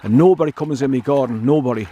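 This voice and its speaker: A man's voice: mid-range voice, fast talker, mellow, husky, dull audio. An older man, talking casually and bluntly while walking his dog outdoors by a stream, rambling and repeating himself. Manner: chatty, blunt, meandering, repeats words. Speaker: dog owner vlogger. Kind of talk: casual rambling walk-and-talk.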